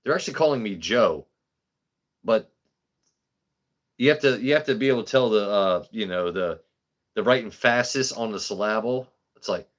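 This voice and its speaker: A man's voice: on the low side, moderate pace, long pauses. Rambling, swearing man on a livestream. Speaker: livestream host. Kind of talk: casual livestream chat.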